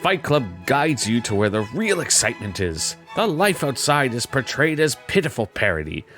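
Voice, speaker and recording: A man's voice: fairly low pitch, fairly bright tone. A man hosting a comedy show, reading online reviews aloud and breaking off with sarcastic, mocking asides. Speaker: host.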